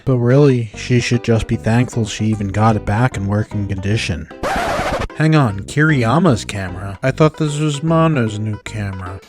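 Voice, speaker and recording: A man giving sarcastic review commentary on an anime episode, with a snarky, deadpan manner. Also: mid-range voice.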